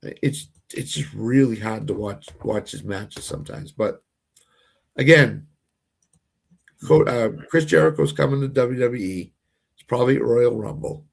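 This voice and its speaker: A man's voice: mid-range voice, measured pace, creaky, husky. A man with a Boston accent, co-hosting a casual sports watch-along, opinionated and often restarting his sentences. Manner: opinionated, repeats and restarts phrases. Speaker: co-host.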